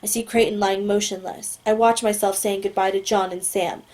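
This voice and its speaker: Female audiobook reader, first-person narration, mid-range pitch, steady reading with the odd self-correction. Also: moderate pace.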